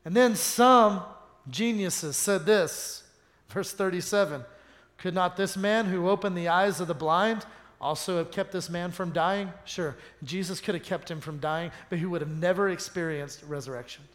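A man preaching a sermon, reading scripture aloud and commenting on it, swinging from loud fervent passages to soft, low intimate ones. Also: steady tone, moderate pace.

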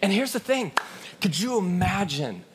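A man's voice: high voice, big pitch swings, unhurried, in a large hall. A man giving a sermon as a pastor, telling a story in a conversational way and asking the crowd questions.

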